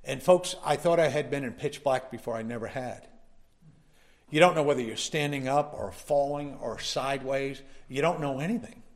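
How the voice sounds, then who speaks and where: A man's voice: medium pitch, normal speed. A male pastor delivering a sermon, telling a personal story in a folksy way and building up to emphatic preaching.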